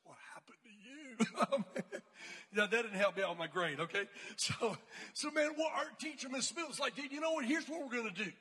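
Bright high-voiced man telling stories. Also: quick pace, breathy edge, long reverb tail. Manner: casual, slangy, animated storytelling. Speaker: youth speaker. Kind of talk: storytelling sermon.

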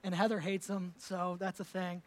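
Male pastor, high voice, emphatic preaching from loud to hushed at a church service. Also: level tone, moderate pace. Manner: emphatic and conversational, swinging from loud to soft. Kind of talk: sermon.

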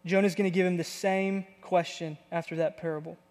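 A male pastor preaches an emphatic, conversational sermon in a fairly high voice. His words echo with a long reverb in a large church hall. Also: flat delivery, brisk, a little mellow.

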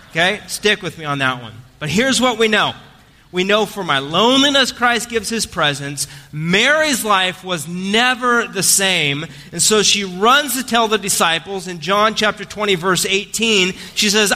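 A man's voice: high-pitched, expressive, normal speed, bright, forceful tone. A man preaching an Easter sermon in a church, telling a story and joking with the congregation in a conversational way. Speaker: pastor. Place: church sanctuary. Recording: long hall reverb.

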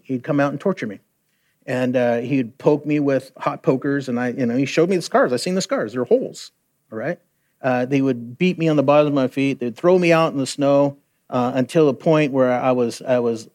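A man's voice: medium pitch, darkish tone. A man preaching a sermon in an earnest, conversational way, often stopping to restart a sentence.

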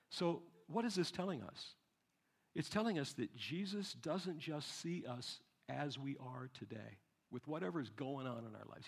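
A man's voice: a little high, breathy edge. A man preaching a sermon in a conversational way, with asides and emphatic repetition. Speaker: pastor.

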